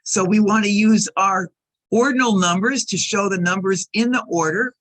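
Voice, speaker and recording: Woman, ESL teacher, careful repeated drill phrases, clear teaching narration. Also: mid-range voice, normal speed. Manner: careful, repeats example sentences for learners.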